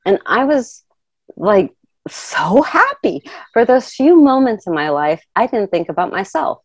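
A middle-aged woman telling a personal story in a lively way, laughing often and acting out the voices of the people in it. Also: on the high side, normal speed, dry recording. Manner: animated, laughs often, acts out quoted voices.

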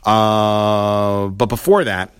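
A man's voice: on the low side, fairly even intonation, very slow, clean tone, no room sound, studio quality. A man casually recapping a TV episode, rambling and retelling scenes with quoted lines.

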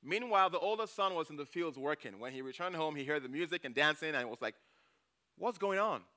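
Male church elder preaching, bright forceful tone, crisp clear delivery, conversational, keeps asking "okay?". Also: on the high side, quick pace. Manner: chatty, checks in with "okay?" and "you know". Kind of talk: conversational sermon with Bible retelling.

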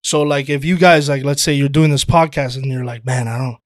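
A man chatting casually as a podcast guest, telling animated stories, swearing freely and calling people "dude". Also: medium pitch, fairly quick, no room sound, clean studio sound. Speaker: guest, actor and playwright.

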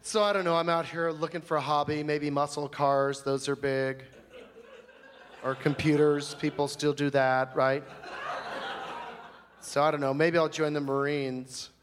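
A man's voice: a little high, flat delivery, a little slow, long pauses, a little hiss or hum, natural voice. A man playing a flamboyant, fussy character in a live comedy monologue, rambling in a prissy, gossipy way on a stage mic. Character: flamboyant, fussy, chatty man telling a grievance. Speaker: stand-up comic in character.

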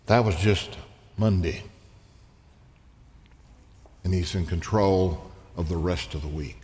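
A male pastor delivers a sermon at an unhurried, measured pace, letting his voice climb whenever he quotes scripture. His voice carries a long reverb, as if recorded in a large hall. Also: darkish tone. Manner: slow, deliberate preaching that rises in pitch on quoted scripture.

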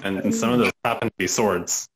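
A man's voice: on the low side, steady tone, a little fast, breathy edge. A man co-hosting a podcast in casual chat, easygoing and rambling as he gives his thoughts. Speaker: podcast co-host.

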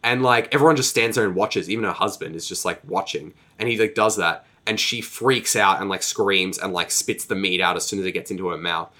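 A man's voice: sits low, a little fast, few pauses, sharp tone. A man in a casual podcast chat, recapping a book in a rambling, profane way, full of fillers and mock voices for characters. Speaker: podcast co-host.

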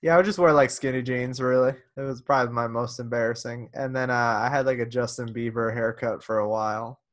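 A man's voice: mid-range voice, steady tone, fast talker. A young man in casual podcast chat who rambles, says "like" a lot and laughs often. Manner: rambling, heavy use of "like", frequent laughs. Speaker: comedian podcast co-host.

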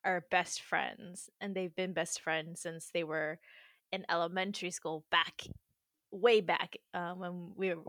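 Woman from korea, podcast co-host, casual chat, slow unhurried pace, dry sound. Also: on the low side, level tone, fairly bright tone, dry recording. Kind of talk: casual chat, sharing memories.

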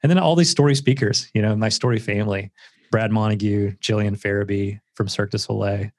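Gravelly low earnest man. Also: steady tone, brisk, a little mellow, no echo, clean studio sound. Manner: earnest and reflective, with many filler words. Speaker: guest author. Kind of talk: casual interview storytelling.

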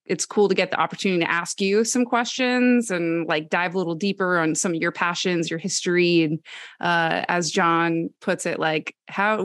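A woman's voice: on the low side, a bit bright, no echo, clean studio sound. A woman guesting on a podcast, joking and chatting. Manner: bubbly, joking, laughs often. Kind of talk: casual chat.

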